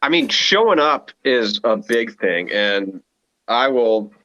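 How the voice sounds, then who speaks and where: A man co-hosting a casual podcast chat, earnest and halting, slow to find his words. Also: medium pitch, lively intonation, a crowd in the background. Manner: earnest and halting, many fillers and restarts. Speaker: podcast co-host. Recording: dull, slightly lo-fi dry mic.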